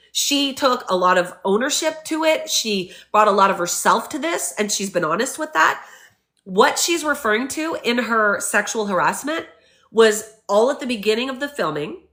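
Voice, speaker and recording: A woman vlogger giving opinionated casual commentary in an animated, emphatic way, acting out the people she quotes. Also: on the high side.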